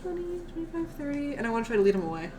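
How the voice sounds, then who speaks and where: A woman's voice: sits high, very animated, rapid-fire, over music. A woman playing a tabletop game, chatting casually and laughing often between lines. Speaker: player.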